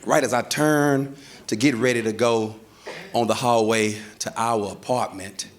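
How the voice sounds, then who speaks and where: A man's voice: mid-range voice, a little slow, background noise. A male stand-up comedian telling a story on stage, acting out voices and sound effects. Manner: animated, acts out voices and sounds. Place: comedy stage before a live audience. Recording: live stage recording with audience laughter.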